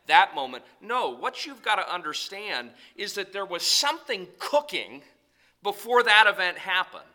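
A man's voice: high voice, sharp tone. A man preaching a sermon, emphatic and conversational, repeating key points and turning to address the congregation directly.

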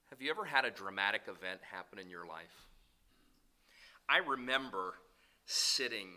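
A middle-aged man preaching a sermon, telling stories with sudden loud bursts and soft asides. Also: fairly low pitch, low-quality recording. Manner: animated storytelling, swings between loud bursts and soft asides. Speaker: pastor.

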